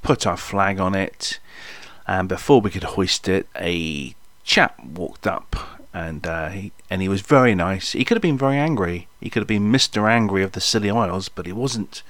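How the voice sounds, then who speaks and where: A man in his sixties recounts an old story for a podcast, moderately paced, in a low but slightly bright voice. It's a casual spoken memoir, rambling and jokey, packed with ums and asides to listeners. The sound is dry and close, without room echo.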